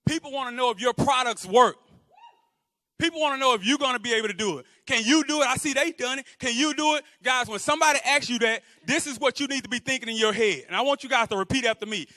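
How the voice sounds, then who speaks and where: A motivational speaker from Houston, Texas, gives a fired-up stage speech in a large event room, rallying the crowd, repeating phrases, and leading call-and-response chants. His voice is very high, pushed and bright, and he talks fast. The recording has long hall reverb and a crowd.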